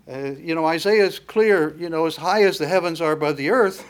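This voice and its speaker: A man's voice: a little high, lively intonation, normal speed, few pauses. A man preaching a sermon in an earnest, emphatic teaching manner, with frequent fillers and restarts.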